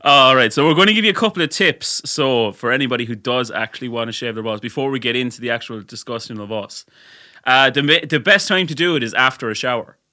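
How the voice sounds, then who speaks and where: A man's voice: medium pitch, fast talker, bright, forceful tone. A young Irish man in his twenties co-hosting a crude podcast chat, laughing and swearing as he goes. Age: 20s. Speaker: podcast co-host.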